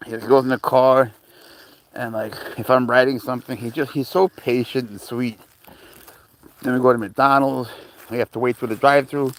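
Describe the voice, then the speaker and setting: A man rambling casually on a live stream from an outdoor park, greeting viewers and talking to his cat through a handheld phone. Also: medium pitch. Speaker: livestream host.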